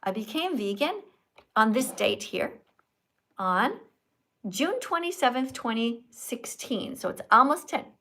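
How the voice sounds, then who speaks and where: A woman from Canada hosting a casual live stream, chatty and animated, quizzing guests in a teacherly way. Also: on the high side, a little slow.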